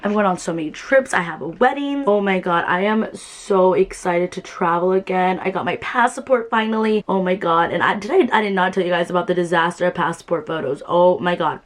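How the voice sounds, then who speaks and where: A woman's voice: lowish voice, brisk, hardly any pauses. A young adult woman chatting casually while doing her makeup, rambling and filling her talk with "like". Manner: chatty, rambling, full of "like" fillers. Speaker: beauty vlogger.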